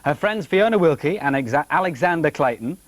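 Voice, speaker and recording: A man's voice: a little high, animated, a little fast, no echo. A man doing TV continuity announcing, chatty and jokey as he reads out viewer birthday messages.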